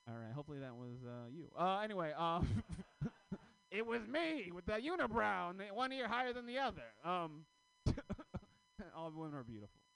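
A man in his thirties doing a stand-up comedy set, telling stories with loud, acted-out quotes. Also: sits high, normal speed, vocal fry, smooth, dry recording, low-quality recording. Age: 30s. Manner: loud, animated storytelling with shouted acted-out quotes.

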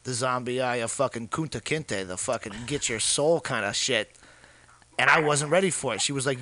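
A man telling crude, animated comic stories on a podcast. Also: medium pitch, brisk, noisy background. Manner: brash, profane, animated. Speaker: podcast co-host, comedian. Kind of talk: crude comedic storytelling.

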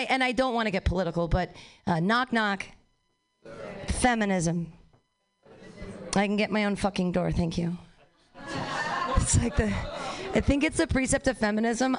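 A woman doing a rambling, profane stand-up comedy set, laughing at her own jokes in front of a live audience. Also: a little high. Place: small live venue with an audience.

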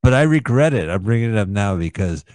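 Sarcastic low-voiced male co-host, dry sound. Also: animated, fast, a little mellow, no room sound. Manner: joking, sarcastic, riffs on the film. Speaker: podcast co-host. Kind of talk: casual comedic film-review chat.

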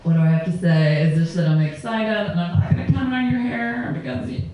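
A man's voice: high voice, expressive, quick pace, dull audio. A man hosting a comedy night, introducing the acts, teasing the comics and laughing as he talks. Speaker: comedy show host. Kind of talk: emceeing between acts. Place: small comedy venue. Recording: roomy live recording from far off with chatter.

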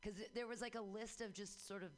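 A woman's voice: mid-range voice, steady tone, brisk. A woman gives a comedian notes on his set. She talks in a chatty, encouraging way and tends to ramble. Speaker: comedy workshop host giving feedback. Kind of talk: casual critique.

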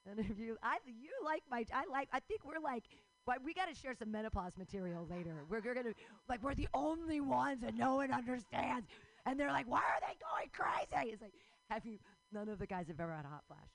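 Excitable rambling woman doing stand-up. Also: a little high, fast, poor audio. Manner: rambling, excitable, swears freely. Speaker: stand-up comedian. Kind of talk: stand-up comedy set.

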